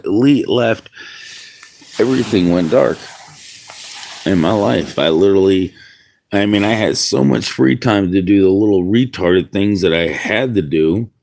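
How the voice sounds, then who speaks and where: A man's voice: deep voice, moderate pace, a little mellow. A man streaming outdoors in the wind, musing aloud in rambling casual chat with viewers. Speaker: livestreamer.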